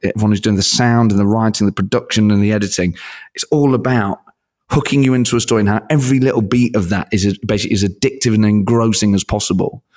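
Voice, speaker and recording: Male comedian, low voice, animated and self-mocking interview chat. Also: fast talker. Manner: excitable, self-deprecating, laughs often. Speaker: comedian and impressionist guest.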